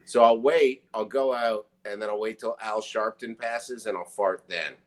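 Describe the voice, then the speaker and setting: A man's voice: on the low side, steady tone, normal speed, crowd noise. A man who is a podcast guest, telling crude jokes and ranting in mock outrage. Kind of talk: casual profane chat.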